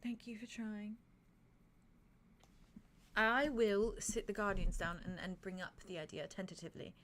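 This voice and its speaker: A shrewd grandmother with a sharp mind for politics, played by a woman in a tabletop game. She talks in a dry, measured, slightly formal way, at a middle pitch that neither rises nor sinks far. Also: fairly even intonation, slight background noise, lightly acted. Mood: wary. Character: shrewd, wary grandmother, a clever female politician. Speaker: player voicing a grandmother character. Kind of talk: in-character tabletop role-play.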